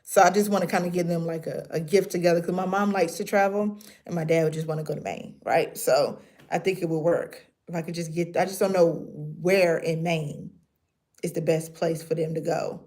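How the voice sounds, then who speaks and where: A woman's voice: fairly low pitch, steady tone, a little fast, darkish tone. A woman, chatting casually with her viewers on a livestream and laughing often. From North Carolina. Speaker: livestream host.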